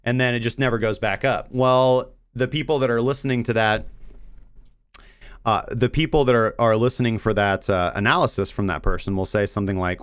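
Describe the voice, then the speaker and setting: A man's voice: on the low side, brisk, clear, resonant tone, no echo, studio quality. A man hosting a crypto trading show, talking casually and bluntly about chart analysis and mocking vague analysts. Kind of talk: casual livestream trading commentary.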